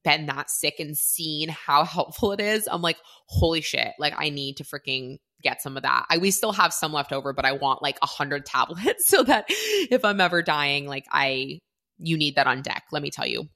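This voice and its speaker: A woman's voice: low-pitched, animated, normal speed, sharp tone. A woman in her thirties telling a personal story to camera in a chatty way, full of "like", acting out what people said. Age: 30s. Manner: chatty, lots of "like", acts out quoted voices. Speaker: vlogger.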